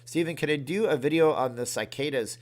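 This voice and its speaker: A man hosting a casual livestream from his room, chatty and reading out viewer comments and thanking them with excitement. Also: a little high, a little fast. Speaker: livestream host.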